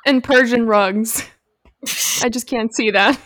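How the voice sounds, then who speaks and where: A playful woman with a high voice hosts a film podcast, her talk loose and full of slang. The recording is dry and close, with no room sound around her. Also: slow pace, fairly bright tone, no echo. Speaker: podcast host. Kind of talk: casual film chat.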